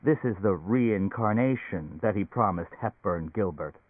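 A man reading the part of a troubled man stranded in a lifeless simulated world, talking roughly and brooding. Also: on the low side, expressive, a little slow, dry recording. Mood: resolute. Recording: dry, phone-like narrow sound.

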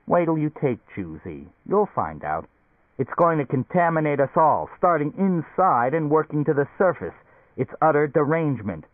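A man's voice: fairly high pitch, very animated, normal speed, dry recording, pitched above the performer's own voice. A man voicing a pushy, blustering middle-aged male company boss in an audiobook, talking insistently and hectoring. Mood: dire. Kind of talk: audiobook character voice. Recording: tinny narrow-band recording, dry.

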